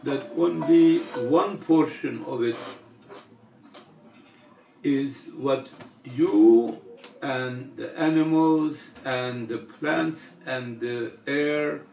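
An older man delivering a sermon in a slow, measured way with long pauses. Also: medium pitch, creaky, darkish tone, slight background noise. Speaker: religious teacher. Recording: echoey room, mic far off.

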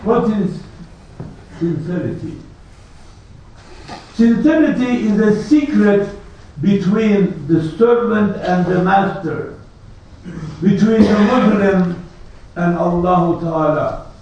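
A man preaching a sermon, slow and emphatic, building his points through rhetorical questions. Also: sits high, a little mellow. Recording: echoey hall, distant lo-fi mic.

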